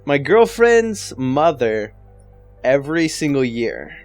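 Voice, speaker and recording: A man's voice: on the high side, very animated, slow pace, a little mellow, soft background music. A man in his twenties telling stand-up stories in a casual, rambling way, often swearing. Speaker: comedian. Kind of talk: stand-up storytelling.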